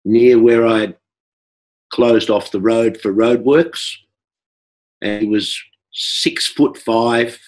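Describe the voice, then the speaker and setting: An Australian man telling a personal story in a halting way, with restarts and repeated words. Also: mid-range voice. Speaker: workshop participant.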